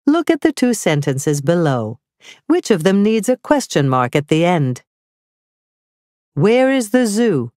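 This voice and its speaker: A woman narrating a scripted grammar lesson, reading slowly and carefully with clearly spelled-out examples. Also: deep voice, big pitch swings, darkish tone, no echo, studio quality. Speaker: teacher.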